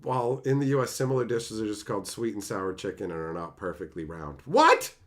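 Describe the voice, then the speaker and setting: A man's voice: lowish voice, steady tone, fast, darkish tone. A man streaming live, reading chat and ranting at it in profane, exasperated bursts.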